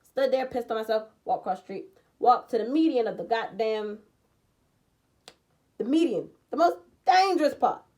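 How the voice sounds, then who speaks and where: Young woman, slightly high voice, profane and dramatic, loud outbursts against low asides. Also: animated, moderate pace, pauses often. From Baltimore, USA. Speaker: vlogger. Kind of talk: emotional storytime.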